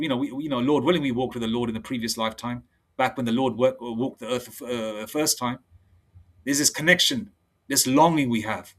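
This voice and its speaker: Man, preacher, casual slangy sermon, slow scripture reading, mid-pitched. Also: a bit bright. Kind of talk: informal online sermon and Bible study.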